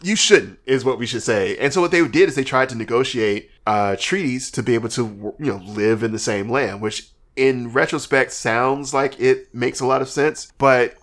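A man's voice: medium pitch, normal speed, hardly any pauses, fairly bright tone. A man co-hosting a podcast in casual chat, who swears freely, laughs often and rambles through restarts. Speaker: podcast co-host.

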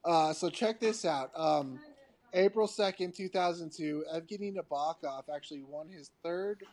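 A man's voice: a little high, moderate pace, a little mellow. A man co-hosting a podcast in casual chat, presenting trivia with a playful buildup. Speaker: podcast co-host.

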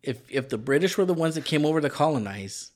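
A man's voice: a little high, expressive, fast talker, a little mellow. A man from California with a Mexican-American Californian accent and a slight lisp, rambling and laughing as a podcast co-host in casual chat. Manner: rambling, laughs often, restarts sentences.

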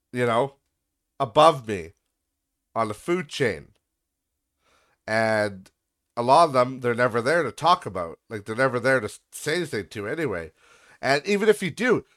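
A man's voice: medium pitch, animated, moderate pace, long pauses, a bit bright. Frustrated, swearing male podcast host. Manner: frustrated, profane ranting. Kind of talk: casual venting monologue.

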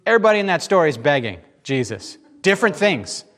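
A man giving informal, emphatic Bible teaching in a lively, conversational way. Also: on the high side, quick pace.

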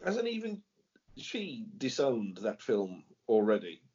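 Ein tiefer, abschweifender Podcast-Moderator. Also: male voice, fairly low pitch, wildly swooping pitch, takes it slowly, a little mellow, breathy edge. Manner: rambling, searching for words. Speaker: podcast co-host. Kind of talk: casual banter. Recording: dull lo-fi podcast audio.

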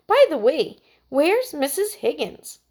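A woman's voice: sits high, sing-song, takes it slowly, a little mellow, voice pushed up, full character voice. A woman voicing an earnest young girl who scolds her friend sternly and emphatically.

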